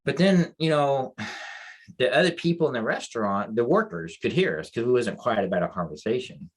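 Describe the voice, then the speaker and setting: A man's voice: mid-range voice, sing-song, normal speed, husky. A man on a veterans' podcast telling a story in a casual, rambling way, full of restarts and moved by emotion. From United States. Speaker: podcast co-host, mental health advocate.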